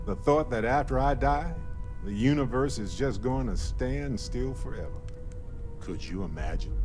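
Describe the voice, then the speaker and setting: An actor playing a reflective man giving a funeral eulogy in a video game, measured and quietly earnest. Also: on the low side, close to an everyday voice. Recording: game audio with music underneath. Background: music.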